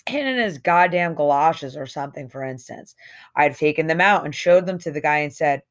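A woman's voice: sits low, animated, brisk. A woman reading a novel aloud in a conversational, slangy first-person voice with emphatic swings. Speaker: audiobook reader.

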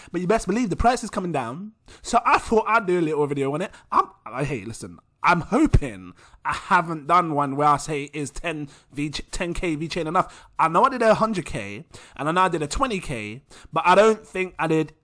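A man's voice: high-pitched, fairly bright tone. A young British man hosting a casual crypto vlog, giggly and scattered and mocking himself. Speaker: crypto vlogger.

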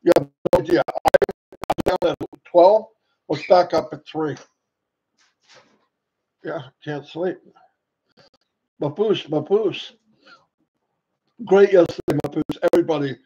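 Male livestream host, excitable, shouts out viewers; slightly high voice, muffled home mic. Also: a little slow, pauses often. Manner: excitable, greets viewers by name. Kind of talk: casual livestream chat. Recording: dull lo-fi sound, faint noise.

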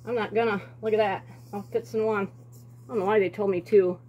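A woman's voice: mid-range voice, fairly even intonation, fairly quick, mellow, highs cut off, a little hiss or hum. A woman, talking to herself and her viewers as she bakes in her home kitchen, with rambling asides. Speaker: home cooking vlogger. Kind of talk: casual kitchen chat.

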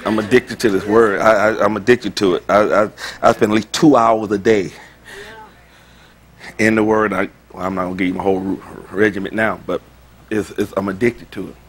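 A man preaching a sermon as pastor, swinging between loud exclamations and quiet asides. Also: fairly low pitch, fairly even intonation, fairly quick. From United States.

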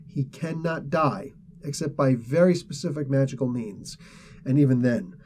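A man's voice: mid-range voice, normal speed, a little mellow. Rambling man retelling a comic. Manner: rambling, filler-heavy retelling. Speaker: comic book reviewer host. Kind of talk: casual comic book review.

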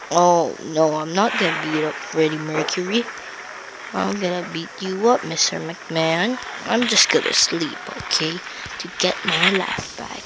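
Brief: male let's-player, goofy trash-talker, unhurried delivery, noisy home recording. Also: sits high. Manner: excitable, goofy trash talk with sudden yelps. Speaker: gameplay commentator. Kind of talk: let's-play commentary.

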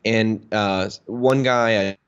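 A man in his thirties from Minnesota tells his story in a casual interview and keeps slipping into the voices of the people in it. His voice sits a little low. The recording is dull and lo-fi. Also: extremely slow, clear, resonant tone. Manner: animated storyteller, acts out quoted dialogue. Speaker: interview guest, health practitioner. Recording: dull lo-fi sound.

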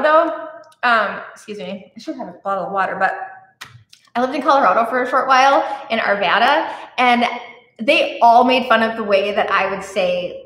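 A woman hosting an art live stream, chatting casually and rambling off on tangents while reacting warmly to viewer comments. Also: fairly high pitch, roomy sound. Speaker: art channel host.

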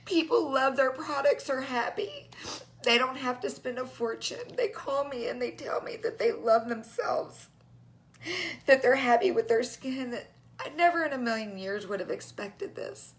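A direct sales vlogger in her thirties chats with her followers in an emotional, casual live session, teary and crying yet laughing through her tears. Her high-pitched voice has lively intonation and moves a little slowly.

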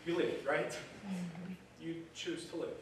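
A man's voice: a little high, fairly even intonation, a little slow, slight background noise. A young man acting as a lonely musical fan who confides in the audience, live on stage in a theatre. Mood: musing. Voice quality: wistful, confiding direct address. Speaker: stage actor. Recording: echoey theatre from far off.

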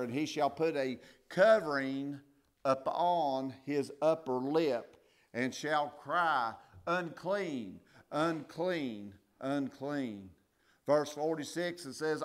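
Male pastor, slow measured sermon delivery, slightly high voice, swells to loud emphasis. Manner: slow, swells from quiet reading to loud preaching.

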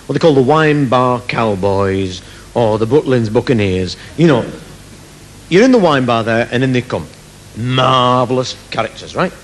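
A man's voice: mid-range voice, expressive, normal speed. Male stand-up comic, rambling storytelling, laughs at own jokes, faint noise. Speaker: comedian. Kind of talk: stand-up comedy. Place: live theatre stage.

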